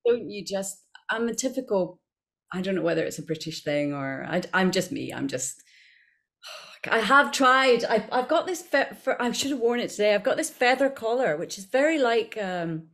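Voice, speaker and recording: A woman's voice: mid-range voice, lively intonation. Laughing, self-deprecating Scottish woman. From Scotland. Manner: self-deprecating, laughs often, halting restarts. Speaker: voice actor guest. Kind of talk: casual interview chat.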